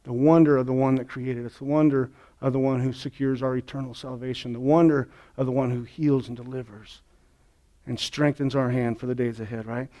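A man preaching a lively, conversational sermon, often checking in with the congregation. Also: medium pitch, a little fast, lo-fi sound. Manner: energetic, conversational preaching with frequent "right?" asides. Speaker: pastor.

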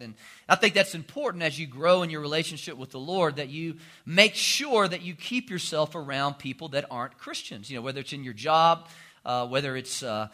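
A man's voice: fairly high pitch, bright, forceful tone. A man, preaching a sermon as a pastor in a folksy, joking storytelling way. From North Carolina. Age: 40s.

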